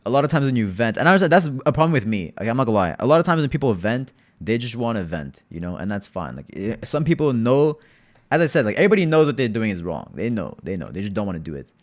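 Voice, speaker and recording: A man's voice: lowish voice, big pitch swings, fast talker. A man streaming live and chatting casually with his viewers, talking in a laid-back, rambling way and often addressing the chat directly.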